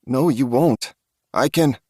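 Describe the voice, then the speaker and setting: A man voicing a frightened, tearful young woman survivor in an audiobook, with a soft, pleading delivery. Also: medium pitch, slow pace, no room sound, clean studio sound, pitched above the performer's own voice. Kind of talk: audiobook character voice.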